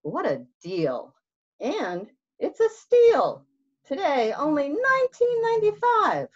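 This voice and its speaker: A woman voicing a sly, fast-talking male fox salesman with a wheedling pitch, in a storybook reading. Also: wildly swooping pitch, exaggerated voice. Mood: sly salesy. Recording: dull lo-fi recording.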